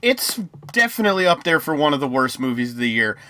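A man with a bright, forceful, slightly high voice co-hosts a casual movie review chat. He talks in a chatty, joking way and spins playful conspiracy theories. The sound is dry and close. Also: big pitch swings, fast, no room sound. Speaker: podcast co-host.

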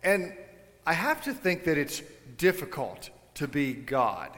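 Conversational pastor with a high voice. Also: male voice, slow pace, in a large hall. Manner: conversational, animated, jokey asides to the congregation. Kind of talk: sermon. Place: church sanctuary.

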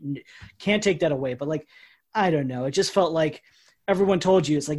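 Husky-voiced man ranting about sports. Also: fairly high pitch, fairly quick. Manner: rambling, opinionated, trails off quieter. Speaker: podcast co-host. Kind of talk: casual sports chat.

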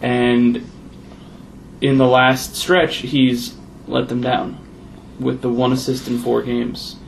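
A man's voice: medium pitch, level tone, slow, creaky, a little hiss or hum. A man co-hosting a casual sports podcast, dry and matter-of-fact as he lists stats. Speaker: podcast co-host.

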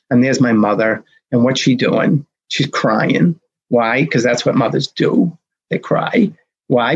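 A man in his sixties, a race director telling a story in an interview, acting out the dialogue with lively energy. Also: medium pitch, breathy edge, lo-fi sound. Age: 60s. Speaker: marathon race director, guest. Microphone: video call.

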